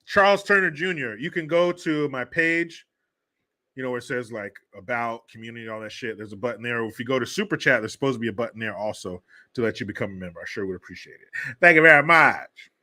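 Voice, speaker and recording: A man's voice: mid-range voice, fast talker, sharp tone. A man hosting a livestream of political commentary, ranting in a profane, mocking way. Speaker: host.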